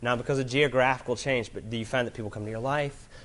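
A man preaching a sermon as pastor, asking the listeners questions, telling stories from home, and slowing down when he quotes scripture. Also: mid-range voice, steady tone. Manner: earnest, asks rhetorical questions, warm family anecdotes; varies pace, slows right down to quote scripture.

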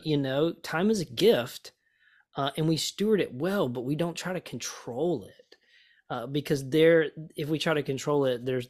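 A man, a pastor and author, telling stories as a guest in an interview, lively and often repeating words as he thinks. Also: fairly high pitch. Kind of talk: conversational storytelling.

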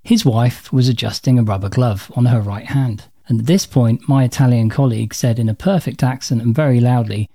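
A man's voice: medium pitch, fairly even intonation, normal speed, hardly any pauses, warm tone. A man narrating a personal anecdote with dry, wry understatement. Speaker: storyteller.

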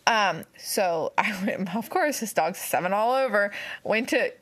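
A young woman from West Virginia, a dog groomer, telling a story in casual chat and acting out quotes with big jumps in pitch. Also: animated, a little slow, fairly bright tone.

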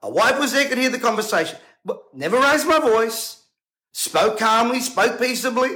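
A man's voice: very high-pitched, lively intonation, normal speed, bright, forceful tone, poor audio. A man, a preacher talking straight to camera in an emphatic, combative way, firing off rhetorical questions. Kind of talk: indignant monologue to camera.

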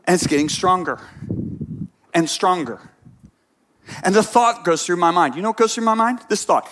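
Passionate high-voiced male preacher. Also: animated, normal speed, slight background noise. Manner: swings from hushed storytelling to shouted passionate bursts. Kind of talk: sermon storytelling.

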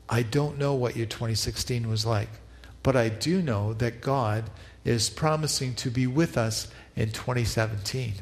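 A male pastor delivers a reflective sermon, pausing to lead the congregation in repeated prayer. His voice sits at an ordinary pitch for a man. It carries a long reverb, as if recorded in a large hall.

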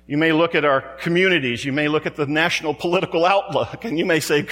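A man's voice: a little high, fast talker, a bit bright, in a large hall. A man preaching a sermon in a church, dramatic and rhetorical, building his points through repeated phrases and pointed questions to the congregation.

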